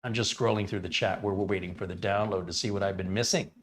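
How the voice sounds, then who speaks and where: American male streamer, lowish voice, casual live tech demo host. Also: fast talker. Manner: relaxed, chatty, reads chat names aloud. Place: home studio.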